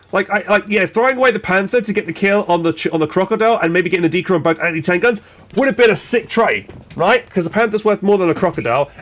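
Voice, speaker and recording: A man casting a strategy game match in excited play-by-play, exclaiming and swearing, with frequent restarts and fillers. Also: high voice. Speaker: game caster.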